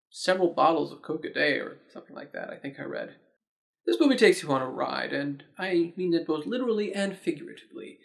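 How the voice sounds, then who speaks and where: A man's voice: fairly high pitch, expressive, fairly quick, creaky, fairly bright tone. A man hosting his own movie review channel, talking in a casual, chatty way with playful, sarcastic asides.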